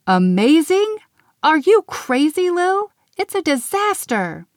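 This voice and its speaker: A woman's voice: mid-range voice, sing-song, takes it slowly, a little mellow, dry recording, clean studio sound. A woman voicing a fretful, bossy female unicorn-like creature in a storybook, worried and exasperated. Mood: outraged.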